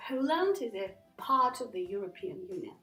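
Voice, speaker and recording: A woman teaching an English pronunciation lesson, patiently repeating words slowly for learners to copy. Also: mid-range voice, very animated, pushed and bright, reverberant, soft background music, low-quality recording.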